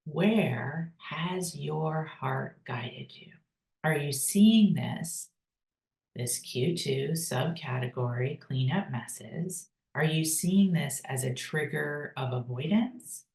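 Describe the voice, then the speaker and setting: A woman teaching a personal growth course, calm and deliberate, with pauses for breathing and repeated key phrases. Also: low-pitched, reverberant, low-quality recording. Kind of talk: slow guided teaching with breathing cues.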